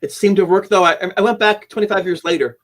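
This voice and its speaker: A middle-aged man telling a personal story as a podcast guest, animated and acting out dialogue, often restarting his sentences. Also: high voice, quick pace. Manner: animated storyteller who acts out quoted dialogue, with frequent restarts.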